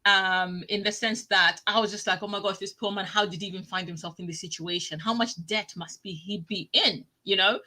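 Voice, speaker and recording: A woman hosting a live online show, chatting casually and telling stories excitedly, often breaking into laughter. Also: mid-range voice, brisk, few pauses, rough recording. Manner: excitable, animated storytelling with laughs. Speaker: talk show host. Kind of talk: live casual TV review chat.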